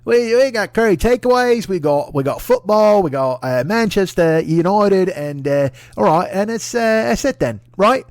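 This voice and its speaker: A man putting on a mocking English accent, playing a loud, boastful Englishman who drags out his words. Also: sits high, animated, no room sound, pitched above the performer's own voice. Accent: put-on English. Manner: loud, drawn-out, sing-song bluster.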